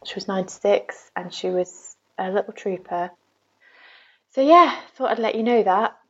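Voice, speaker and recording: A woman's voice: medium pitch, normal speed, fairly bright tone, husky. A woman from England leaving a chatty voicemail, telling a family story. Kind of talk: casual voice message. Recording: dull lo-fi phone message.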